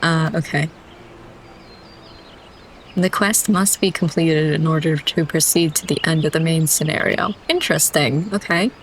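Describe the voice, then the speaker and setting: A woman's voice: low voice, a little slow, slight background noise. A young woman reading game dialogue aloud during a playthrough, often breaking into laughter. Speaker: game streamer.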